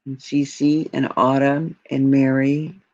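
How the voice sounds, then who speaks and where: A jewelry live stream host chats casually with her viewers, heartfelt, rambling and grateful, tearing up and close to tears. Her voice is extremely low and slow, with little pitch movement and a darkish tone. The audio is dry, muffled and lo-fi, with no echo.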